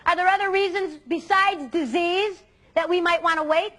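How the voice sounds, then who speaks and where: Earnest, emphatic woman speaker with a high voice. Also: fairly even intonation, moderate pace, sharp tone. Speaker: youth speaker. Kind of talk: motivational talk to students.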